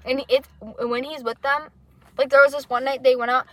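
A young woman co-hosting a podcast in casual chat, animated and swearing freely as she acts out what people said. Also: high voice, moderate pace. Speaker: podcast co-host.

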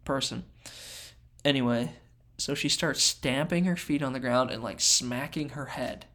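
A man in a relaxed, animated storytelling voice. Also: mid-range voice, unhurried. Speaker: podcast co-host. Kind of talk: casual storytelling chat.

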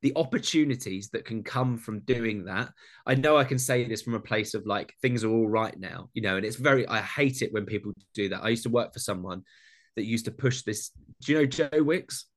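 A young British man, a food content creator, talking in a relaxed way in a casual interview and swearing freely. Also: on the low side, brisk. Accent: British English.

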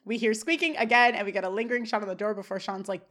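A woman's voice: medium pitch, quick pace, hardly any pauses. A woman co-hosting a podcast, recapping an episode scene by scene and acting out the characters' lines with lots of laughter. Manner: animated, acts out the characters' lines while recapping, laughs often. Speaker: podcast co-host.

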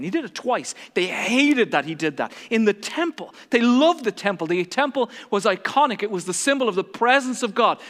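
A man's voice: high-pitched, fairly bright tone, long reverb tail. A man preaching a sermon in a dramatic, emphatic way, acting out the quotes he reads.

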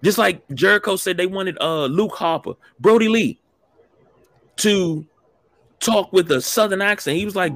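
A man co-hosting a casual wrestling talk show, blunt and animated, swearing freely. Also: high-pitched, measured pace. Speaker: podcast co-host.

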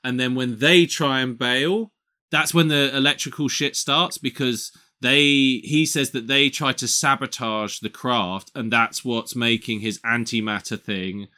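An animated man co-hosts a podcast, excitedly recounting a film's plot and swearing freely. His voice sits mid-range and has a bright, forceful edge. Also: medium pitch, measured pace. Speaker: podcast co-host. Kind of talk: casual film-review chat.

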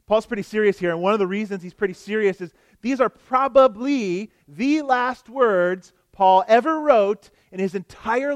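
A man's voice: sits high, dry recording. A male pastor delivering an expository sermon, earnest and emphatic, often asking the congregation rhetorical questions.

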